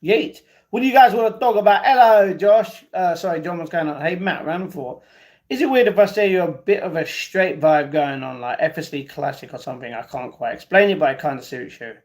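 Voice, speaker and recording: A man's voice: fairly high pitch, animated, fairly quick. A man hosting a live stream, casually reading out viewer comments and bantering back at them. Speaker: livestream host reading chat.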